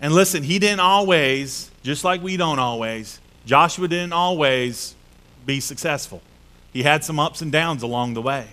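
A male pastor preaching a sermon, telling a Bible story in a lively way and acting out the characters' voices. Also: a little high, unhurried. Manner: animated storytelling with acted-out voices.

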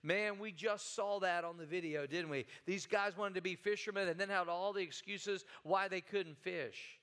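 Bright high-voiced folksy preacher man. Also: steady tone, normal speed. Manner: folksy, conversational, stumbles and repeats words. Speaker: pastor. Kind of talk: sermon.

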